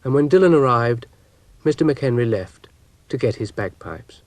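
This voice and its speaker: A man narrating a children's storybook show in an unhurried, gently droll way. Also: mid-range voice, expressive, background noise.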